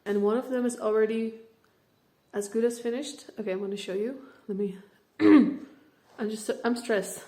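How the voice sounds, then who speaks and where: A young Dutch woman, a native Dutch speaker, talks casually through a studio vlog about her painting. Her voice is mellow and soft-edged, and she fills her talk with "like" and small laughs. She sounds slightly out of breath. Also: a little high, steady tone, moderate pace. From Netherlands. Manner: chatty, filler-heavy, laughs often. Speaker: portrait painter.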